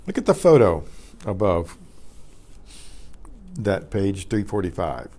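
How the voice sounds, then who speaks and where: A man teaching a Spanish grammar class, explaining patiently and clearing his throat often. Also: low voice, big pitch swings, takes it slowly, mellow. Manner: recites word lists carefully.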